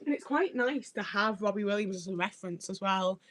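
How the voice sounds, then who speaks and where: A young woman from Stoke-on-Trent, England, with a northern English accent, chats casually on a livestream while reading chat, laughing often and swearing freely. Her voice is medium-pitched, expressive and fairly quick, with background noise.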